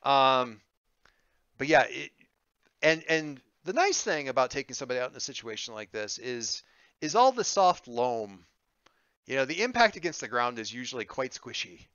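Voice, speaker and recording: Man, game master, rambling easygoing narration, bright smooth voice, dry dull audio. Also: mid-range voice, sing-song, moderate pace, dry recording. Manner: rambling, frequent ums and restarts, easygoing.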